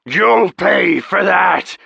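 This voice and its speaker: Man doing a slithery menacing dragon, gravelly, slow, wet many-voiced sound, audiobook. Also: fairly low pitch, lively intonation, bright, forceful tone, no echo, highs cut off, voice pushed down, heavily acted. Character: slithery, menacing male tentacle-faced dragon.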